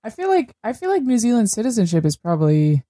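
A woman's voice: on the high side, sing-song, quick pace, dark tone, dry recording, clean studio sound. A woman co-hosting a podcast in casual chat, joking wryly. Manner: wry, joking. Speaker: podcast co-host.

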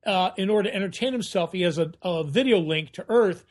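A man chatting as a guest on a podcast, telling rambling, animated stories. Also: high-pitched, a little fast. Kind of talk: casual podcast chat.

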